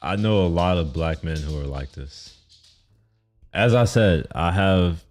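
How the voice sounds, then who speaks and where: A man's voice: low-pitched, measured pace, darkish tone, soft background music. A man from Texas, giving blunt, profane, rambling reaction commentary on clips.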